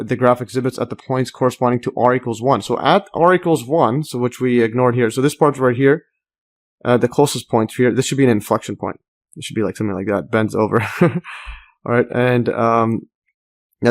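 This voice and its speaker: A man explaining a math graph as he works, thinking aloud with many fillers, restarts and enthusiastic asides. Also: medium pitch. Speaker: math tutor. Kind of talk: casual screen-recorded math walkthrough.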